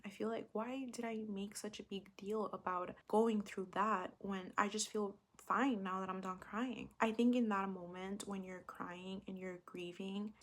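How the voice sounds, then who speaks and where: Earnest young woman, soft confessional talk. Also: medium pitch, gravelly. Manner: earnest, confessional, often drops to a whisper. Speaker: podcast host. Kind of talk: reflective solo talk.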